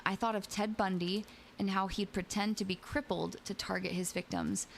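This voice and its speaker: A young woman streams live, switching between reading spooky stories aloud and greeting her chat in a playful, giggly way. Her voice sits at an everyday middle pitch. A faint hiss of noise sits under the recording. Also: gravelly, fairly bright tone. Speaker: VTuber streamer and host.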